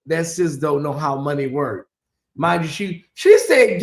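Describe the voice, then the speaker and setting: A man's voice: fairly high pitch, animated, unhurried. A man hosting a gossip show in casual commentary, sassy and chatty, calling his viewers y'all and honey. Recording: echoey room.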